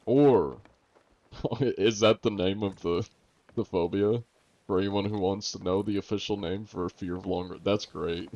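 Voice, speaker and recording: Young man, game streamer, casual rambling chat, lots of fillers, very deep voice, creaky fry. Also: a little mellow, muffled recording. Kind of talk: casual live-stream chat while gaming.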